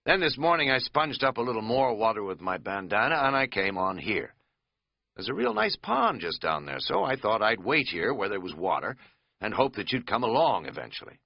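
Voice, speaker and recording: A man's voice: mid-range voice, no room sound, muffled recording. A man voicing a rambling, folksy middle-aged American man who talks in a chatty, self-mocking drawl.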